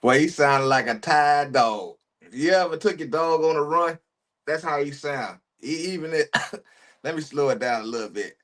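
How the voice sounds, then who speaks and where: A man's voice: a little high, moderate pace, fairly bright tone. Slangy man preaching over a reaction video. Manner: preachy, emphatic, repeats phrases, slangy. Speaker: reaction streamer. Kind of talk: casual reaction commentary.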